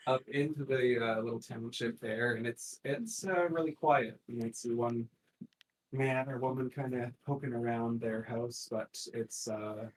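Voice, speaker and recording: A man narrating as game master in a tabletop game, halting and full of fillers. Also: mid-range voice, fairly even intonation, slight background noise, low-quality recording.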